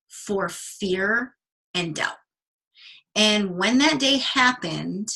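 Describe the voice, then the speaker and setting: Woman giving a motivational pep talk on a team call, bright edgy voice, a bit husky, gets loud and emphatic then slows way down to stress stuff. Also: medium pitch, rough recording. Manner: enthusiastic and emphatic, slowing down to stress key words; casual and chatty, with many restarts. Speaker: guest speaker on a team coaching call.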